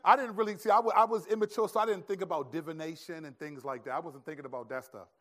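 A pastor preaching a sermon in an animated, conversational storytelling way. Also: male voice, on the high side, fast talker.

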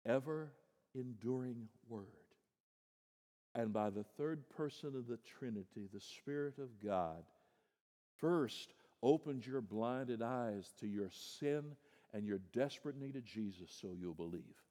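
Male pastor, sermon delivery, moves from soft and low to loud and high, long hall reverb. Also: lively intonation, slow pace. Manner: addresses listeners as "my friend".

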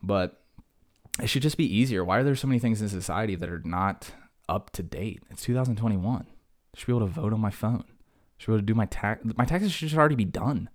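A young man hosting a solo podcast, ranting fast and sarcastically, jumping from one tangent to the next. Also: fairly low pitch, darkish tone, dry recording, studio quality. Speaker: podcast host.

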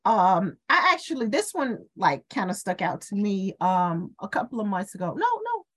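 A woman's voice: mid-range voice, moderate pace. A woman co-hosting a casual faith talk, telling stories animatedly and acting out the voices of the people in them. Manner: animated storyteller, acts out voices. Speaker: podcast co-host.

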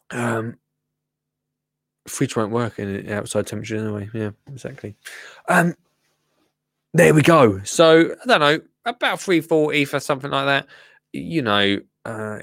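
A man's voice: fairly low pitch, a bit bright, no echo. English bloke hosting his show, rambly and jokey, dry close sound. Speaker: show host. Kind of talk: casual live show chat.

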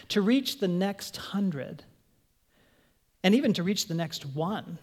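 A woman pastor preaching a conversational sermon, animated, asking her congregation questions and acting out voices. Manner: animated, acts out quoted voices in a higher pitch.

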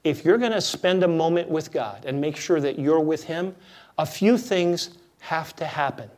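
A man preaching a conversational, jokey sermon as a pastor, his delivery dropping to a hush and then rising loud. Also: a little high, moderate pace. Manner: conversational, jokey, swings between hushed and loud.

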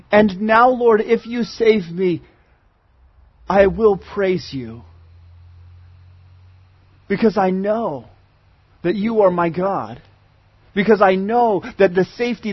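A man preaching a sermon in an earnest way, moving between loud pleading and hushed asides. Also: high-pitched, dry recording, lo-fi sound.

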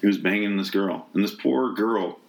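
A man's voice: on the low side, moderate pace, creaky. Sarcastic, exasperated man ranting. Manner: exasperated, sarcastic, swears often, rambling restarts. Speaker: movie reviewer. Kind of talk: casual spoken rant.

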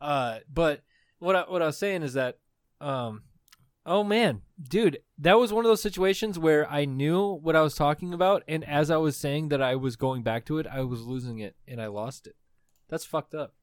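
A man's voice: fairly high pitch, normal speed, dry recording, clean studio sound. A man co-hosting a podcast in casual, profane, rambling chat, a little tipsy after two beers. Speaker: podcast co-host.

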